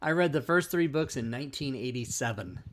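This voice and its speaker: A man playing a tabletop game, easygoing and quick to laugh. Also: mid-range voice, expressive, fairly bright tone. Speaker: player. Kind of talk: casual chat at a game table.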